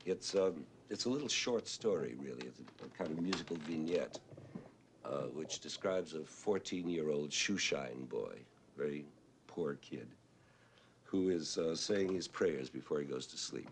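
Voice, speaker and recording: An older man with a husky, whiskey-worn voice, reminiscing about his mentor in a thoughtful, unhurried way with hesitant fillers. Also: rumbling low, expressive, a little hiss or hum. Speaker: composer and conductor recalling a mentor. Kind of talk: reflective spoken reminiscence. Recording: 1970s television broadcast archive.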